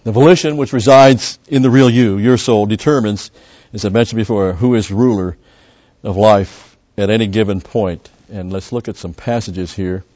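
Emphatic male preacher, mellow lo-fi sound. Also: fairly low pitch, normal speed. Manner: emphatic, surges louder on key words; teaching, with fillers and restarts. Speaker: pastor. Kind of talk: sermon. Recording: dull, lo-fi recording.

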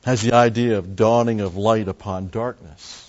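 A man's voice: on the low side, fairly even intonation, normal speed, darkish tone. A man preaching a methodical Bible teaching, explaining Greek words and repeating key terms. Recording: dull lo-fi recording.

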